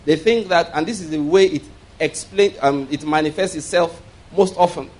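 Male pastor, sermon, reads verses and explains, congregation call-and-response, slightly high voice. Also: normal speed, darkish tone. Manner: reads scripture aloud and explains it line by line; asks "all right?" as a check-in.

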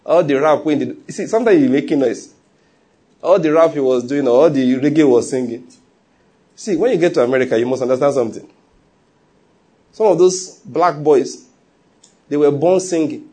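A man preaching a sermon in an animated way, full of laughing asides and acted-out quotes. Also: fairly high pitch, moderate pace, pauses often, breathy edge.

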